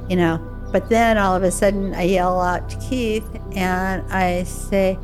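An older woman recounts a personal memory in a loose, conversational way, slipping into the voices of the people she quotes. Her pitch is mid-range for a woman. Music plays clearly beneath her. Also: measured pace. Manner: conversational, acts out remembered dialogue. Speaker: interview guest. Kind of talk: personal storytelling.

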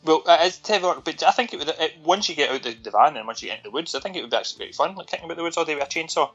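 A man's voice: a little high, expressive, very fast, a bit bright, slightly rough, highs cut off, soft background music. A Scottish man co-hosting a podcast, recapping a film in a sweary, sardonic, rambling way. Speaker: podcast co-host. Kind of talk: casual film-review chat.

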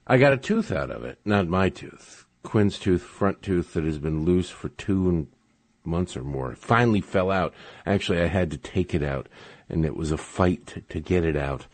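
A man with a lowish voice that rises and falls a lot as he talks. He is a regular guest on a radio show and tells wry, dryly exasperated stories. The sound is dry and close to the mic. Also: expressive, moderate pace, darkish tone, dry recording. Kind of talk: casual talk radio chat.

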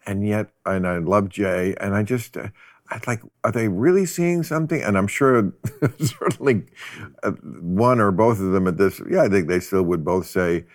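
A man's voice: on the low side, moderate pace, no room sound. A man hosting a casual chat, talking in dry, sardonic quips. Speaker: host.

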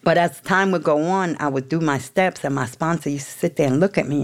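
A woman's voice: deep voice, fairly quick. A woman with a New York accent telling her recovery story candidly, in a blunt, profane, street-tough way. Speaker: speaker sharing a recovery story.

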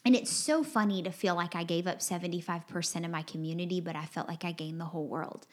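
A woman co-hosting a podcast in casual chat, animated and expressive, often laughing and mimicking friends in a high voice. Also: fast. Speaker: podcast co-host.

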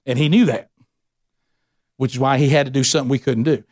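A man's voice: medium pitch, fairly even intonation, brisk, darkish tone. A man preaching a sermon, folksy and conversational, asking the congregation to answer back. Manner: preaching with call-and-response questions to the congregation; folksy, says y'all, tells anecdotes. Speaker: pastor.

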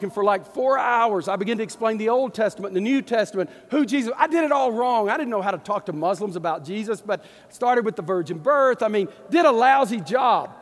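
A middle-aged man, a Baptist pastor from East Texas with a Texan accent, telling a story in a folksy, animated sermon. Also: high voice. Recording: long hall reverb.

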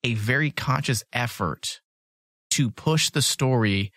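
A man's voice: mid-range voice, slow, a bit bright, no room sound, studio quality. A man co-hosting a casual podcast, talkative and joking, sometimes reading summaries aloud. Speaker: podcast co-host.

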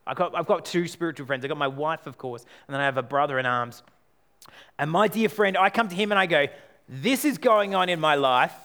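A man preaching a sermon, animated, acting out quoted voices and moving between loud lines and hushed ones. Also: a little high, fast. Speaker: pastor.

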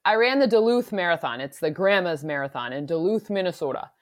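Low-voiced woman, rambling football talk. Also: animated, dry recording, clean studio sound. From Michigan. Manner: fast, rambling, many restarts. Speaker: NFL analytics expert guest. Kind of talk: casual podcast chat.

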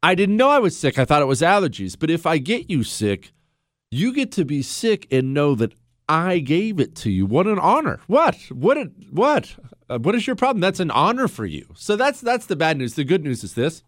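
A man hosting a radio talk show, talking casually and joking with quick asides while he is a bit under the weather. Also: a little high, big pitch swings, fairly bright tone, no room sound, clean studio sound. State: a bit sick, possible fever. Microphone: studio microphone.

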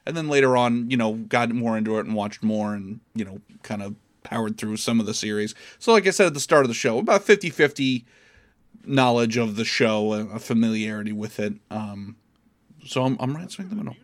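A man's voice: on the low side, brisk. A man co-hosting a podcast in casual chat, rambling and joking as he goes. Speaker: podcast co-host.

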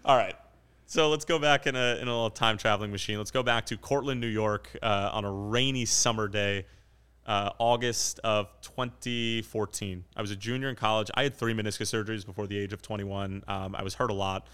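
A man's voice: on the low side, steady tone, a bit bright, clean tone. A man in his twenties, a soccer play-by-play commentator, telling stories in a casual, self-deprecating podcast chat. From New Jersey. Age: 20s. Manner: fast, joking, self-deprecating storyteller.

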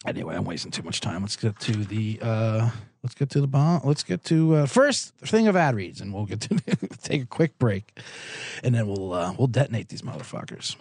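A man hosting a sports betting podcast alone in a small recording booth, rambling comically, loud and excitable, swinging from shouting to mumbling. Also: fairly low pitch, moderate pace, vocal fry, husky, no room sound. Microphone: studio microphone.

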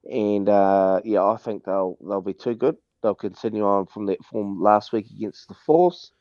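A man, a golfer calling in to chat casually, relaxed and chatty, and he slips into other voices when he tells a story. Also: fairly low pitch, unhurried, no room sound. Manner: relaxed, chatty, mimics people in his stories. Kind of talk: casual chat on a phone call. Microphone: phone line. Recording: dry, dull phone-line sound.

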